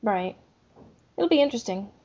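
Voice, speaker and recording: A woman's voice: mid-range voice, expressive, moderate pace, dark tone, muffled recording. A woman co-hosting a book podcast, chatting casually in an easygoing way. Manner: easygoing, laughs along often. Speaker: podcast co-host. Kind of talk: casual chat.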